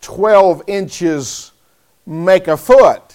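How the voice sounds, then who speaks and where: A man preaching a sermon, speaking deliberately and calling on listeners by name. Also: sits high, a little mellow, clear, resonant tone.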